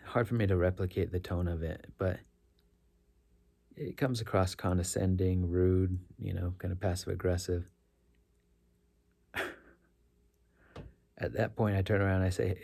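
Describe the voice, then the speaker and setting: A man's voice: deep voice, steady tone, a little slow, gravelly, long pauses, mellow. A middle-aged man, a rideshare driver, telling a story casually and earnestly, rambling and correcting himself as he goes. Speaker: rideshare driver sharing stories.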